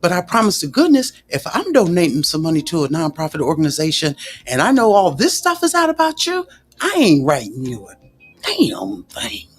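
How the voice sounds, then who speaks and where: A woman's voice: deep voice, normal speed, slightly rough, soft background music. A woman doing casual livestream commentary, sassy and indignant, answering viewers' comments. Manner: animated, sassy and indignant, talks back to viewers.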